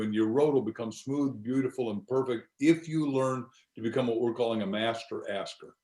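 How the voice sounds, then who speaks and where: An emphatic man guest author in an interview, at a middle pitch. He builds his points as a list, pressing each one. His voice comes through roomy and echoey. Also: brisk, hardly any pauses, darkish tone. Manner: emphatic, listing. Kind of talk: interview, promoting a book.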